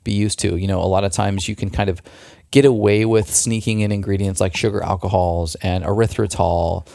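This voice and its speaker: A man's voice: deep voice, steady tone, fairly quick, vocal fry, mellow, no room sound, studio quality. A man co-hosting a podcast, chatting enthusiastically about a product, with frequent restarts. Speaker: podcast co-host. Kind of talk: casual product pitch in a podcast chat.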